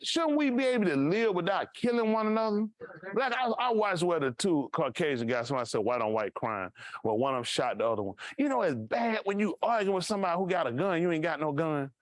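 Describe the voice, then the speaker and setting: Man, pastor, high voice, lively storyteller, dry close sound. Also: quick pace, dry recording. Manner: animated, acts out voices in his stories. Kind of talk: casual storytelling sermon.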